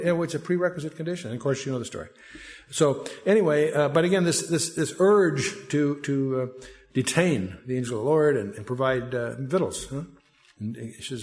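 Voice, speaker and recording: Guy teaching a bible study, kinda high voice, rambly asides, reads verses out. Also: animated, a little fast. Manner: conversational, digressive, with asides; reads scripture aloud in a lifted voice.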